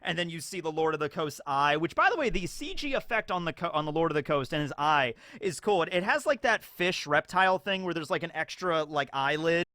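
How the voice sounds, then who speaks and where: A man casually recapping a show episode in an animated way, often acting out scenes. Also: fairly high pitch, a little fast, few pauses, dry recording. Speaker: YouTube show reviewer.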